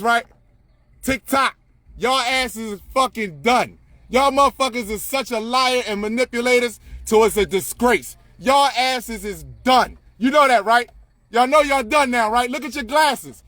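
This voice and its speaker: A man's voice: very high-pitched, unhurried, fairly bright tone, no echo. A man ranting to camera, profane and confrontational, repeating himself.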